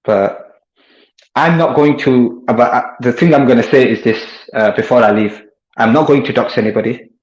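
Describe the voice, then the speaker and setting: A man's voice: mid-range voice, moderate pace, darkish tone, highs cut off. A man, delivering a combative, taunting monologue aimed at an online rival. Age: 20s. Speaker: online commentator. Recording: roomy echo.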